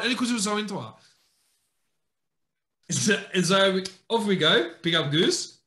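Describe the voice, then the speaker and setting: Bright, high-voiced man storytelling. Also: normal speed, long pauses, roomy sound. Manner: animated, acts out friends' lines in raised voice. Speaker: podcast co-host. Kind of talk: casual storytelling chat.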